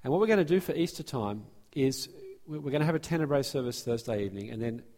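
A man preaching from the front of a church, his voice sitting at an ordinary middle pitch. He talks earnestly, often breaking off and restarting a phrase, and his pace keeps shifting between quick and slow. A long reverb from the hall trails after his words. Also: lively intonation, a little mellow. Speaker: pastor. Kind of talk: sermon with church announcements. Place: church sanctuary.

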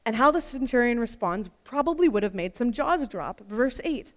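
A woman giving an expressive, emphatic Bible teaching full of rhetorical questions. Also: fairly high pitch, moderate pace. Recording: long reverb.

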